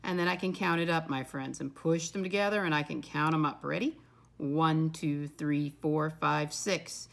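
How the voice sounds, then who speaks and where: A woman teaching a first-grade lesson. She talks to the children in a patient, encouraging way and counts aloud slowly and clearly. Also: low-pitched. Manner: patient, encouraging, often says "my friends". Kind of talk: recorded classroom lesson.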